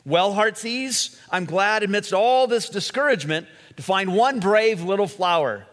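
A man voicing a kindly king who speaks gently and encouragingly to a flower. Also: sits high, animated, measured pace, pitched above the performer's own voice. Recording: long echoing hall reverb.

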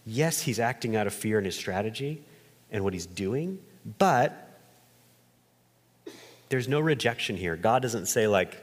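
A man preaching a conversational sermon from a church stage, with animated delivery, quick jumps in pitch, and casual asides. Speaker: pastor. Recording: long hall reverb.

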